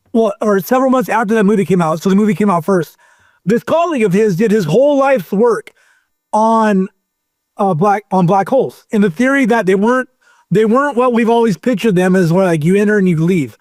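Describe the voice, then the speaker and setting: Male guest, high pitch, animated rambling storyteller, dry mic. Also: brisk, no echo. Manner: rambling, animated storyteller who acts out quotes. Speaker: podcast guest. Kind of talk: casual storytelling chat.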